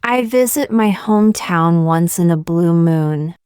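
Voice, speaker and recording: A woman reading short example sentences one by one for English learners, in a slow, deliberate, evenly paced way. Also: on the low side, animated, dark tone, clean tone, no echo, clean studio sound. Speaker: English teacher.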